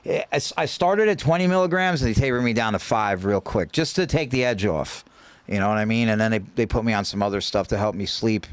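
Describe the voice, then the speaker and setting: A man's voice: lowish voice, brisk, clear, resonant tone, no echo. Rambling, swearing man telling his story. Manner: rambling, profane, many restarts and stammered repeats. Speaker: guest. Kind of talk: casual storytelling in a podcast interview.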